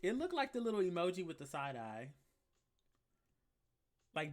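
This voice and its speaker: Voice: medium pitch, sing-song, normal speed, pauses often. A tarot reader hosts a live collective reading with a sassy, blunt delivery full of casual slang. Key phrases come again and again for emphasis, and comments from the chat get answered on the fly.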